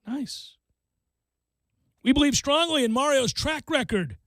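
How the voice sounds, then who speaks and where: A man hosting sports talk radio, ranting with sarcasm and animated energy. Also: very high voice, measured pace, no room sound.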